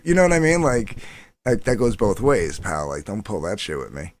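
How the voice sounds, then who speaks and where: His pitch swings widely and he talks a little fast as he meanders through a lengthy, profane story in relaxed chat. When quoting other people, which he does often, he drops into a lower voice.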